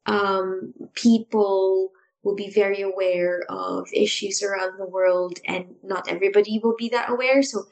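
A woman co-host speaking in a reflective, conversational way, weighing her words and often pausing on an "um." Her voice has a gravelly, creaky edge while her pitch sits in an ordinary middle range. The delivery is careful and considered. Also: steady tone, darkish tone, rough recording. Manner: thoughtful, hesitant with frequent ums.

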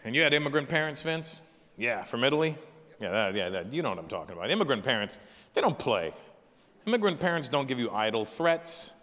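A middle-aged man doing stand-up comedy on a live stage, talking with the audience in an animated, profane, chatty way. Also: mid-range voice, fairly quick. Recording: live hall with long reverb, faint ambience.

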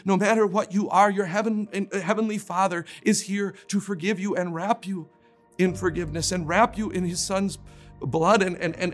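A man preaching with earnest emphasis, his voice sitting a little higher than most men's. He stumbles and restarts words as he drives his points home. Faint music plays quietly underneath. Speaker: pastor. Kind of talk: sermon.

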